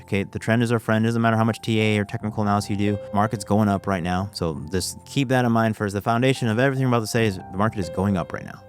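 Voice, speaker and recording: A man giving a casual screen-share trading lesson, walking through a chart and often saying "okay" as he restarts phrases. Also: fairly low pitch. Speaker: trading educator.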